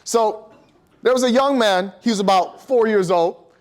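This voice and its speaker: Addressing school staff in a big room, this high-voiced man speaks with energy, though a little slowly. His motivational talk mixes storytelling with constant questions to the audience.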